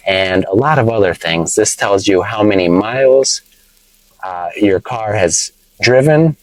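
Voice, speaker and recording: A man teaching English vocabulary from inside his car, playful and explaining slowly with examples. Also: on the low side, darkish tone, dry recording, rough recording. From United States. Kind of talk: casual teaching vlog.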